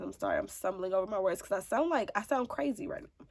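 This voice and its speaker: A woman's voice: mid-range voice, lively intonation, fast talker, creaky. Mom vlogger in her twenties, congested voice, frank talk straight to camera. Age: 20s. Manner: frank, sassy, talks straight to viewers. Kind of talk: casual sit-down advice vlog.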